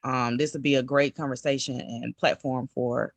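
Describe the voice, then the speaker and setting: A woman's voice: extremely low pitch, fairly even intonation, moderate pace, creaky, dry recording. Brief: woman, mid voice, parent joining a call, dry close sound. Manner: laughing, reflective, loose. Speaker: attendee, parent. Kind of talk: casual webinar chat. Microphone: video call.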